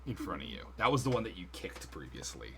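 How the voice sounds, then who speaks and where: A man's voice: sits low, sing-song, fast talker, creaky, background noise. A man running a tabletop game as game master, casual and swearing, with frequent laughs. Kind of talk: narrating a tabletop game on stream.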